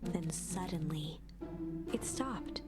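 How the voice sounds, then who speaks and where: A woman narrating a story game aloud in a hushed, suspenseful reading voice. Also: fairly low pitch, expressive, slow pace, over loud music. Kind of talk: scripted narration read aloud.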